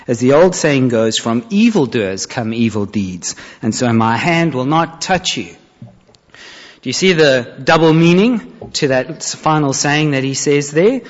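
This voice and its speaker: A man preaching a sermon, retelling a Bible story with expressive storytelling and acted-out quotes. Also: medium pitch, measured pace. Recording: reverberant hall, dull lo-fi sound.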